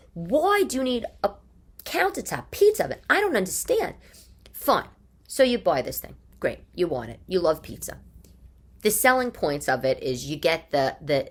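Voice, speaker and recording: Chatty New York mom, lowish voice. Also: female voice. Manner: chatty, opinionated, fires off rhetorical questions. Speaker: podcast host; mother. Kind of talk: casual monologue. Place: living room.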